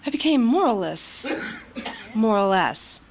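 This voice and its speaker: A woman's voice: fairly high pitch, very animated, measured pace, a crowd in the background. Blunt, profane woman at a recovery meeting. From California. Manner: blunt, profane and self-mocking, with frequent fillers. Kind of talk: candid recovery share to a live audience.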